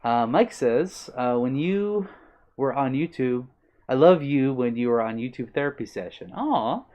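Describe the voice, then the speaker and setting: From his own room on a live stream, a man chats in a friendly, casual way, reading viewer messages aloud with plenty of ums and uhs and sometimes sounding a bit out of breath. His medium-pitched voice is lively in intonation, measured in pace and a little mellow, with lo-fi sound quality.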